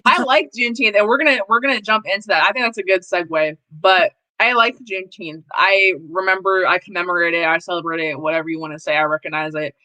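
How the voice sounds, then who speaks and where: A woman's voice: lowish voice, fast, hardly any pauses, pushed and bright, no room sound, rough recording. A woman hosting a casual political live stream, talking bluntly and animatedly with plenty of profanity. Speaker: host.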